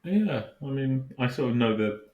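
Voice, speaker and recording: A man's voice: medium pitch, animated, moderate pace, dark tone, lo-fi sound. A man co-hosting a music podcast in casual chat, dry and sardonic, with hesitant restarts. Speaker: podcast co-host. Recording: roomy echo.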